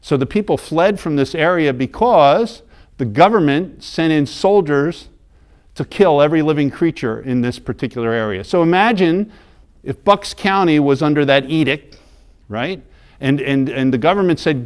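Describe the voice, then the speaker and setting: A man's voice: a little high, animated, moderate pace. A middle-aged American man talks to a parish audience in a church. He tells his story in a loose, conversational way, repeating and restarting words as he goes. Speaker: mission group leader giving a parish talk.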